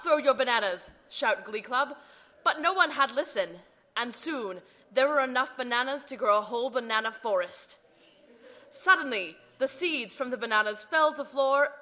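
Woman, deadpan comic reading, bright voice, fairly high.

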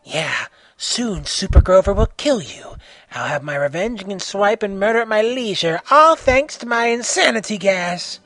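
A man's voice: high voice, lively intonation, moderate pace, fairly bright tone, no echo, soft background music, voice pushed up. A man voicing a sly, maniacal male fox clown villain who sneers and wheedles in an amateur audio story. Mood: sneering. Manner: sneering, wheedling, sometimes whispery.

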